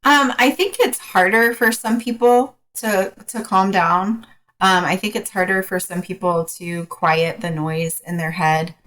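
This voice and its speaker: A woman coach as a podcast guest, talking frankly in a casual, hesitant way with many pauses. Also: medium pitch, a bit bright, low-quality recording. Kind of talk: casual interview chat.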